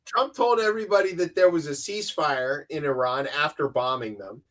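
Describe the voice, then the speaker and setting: High-voiced sarcastic male podcast host. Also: moderate pace, a bit bright. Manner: sarcastic, rambling, does mocking voices. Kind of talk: comedic news chat.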